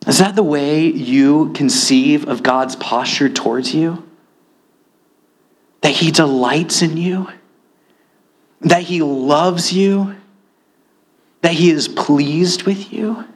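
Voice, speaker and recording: Slow, earnest male preacher. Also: husky. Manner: slow, earnest preaching that rises in pitch for emphasis. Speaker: pastor. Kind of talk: sermon.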